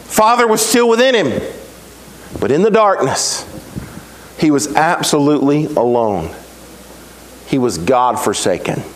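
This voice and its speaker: High-voiced preaching man, emphatic. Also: big pitch swings, a little hiss or hum, rough recording. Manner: preaching with emphatic repetition and dramatic pauses. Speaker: pastor. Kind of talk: sermon.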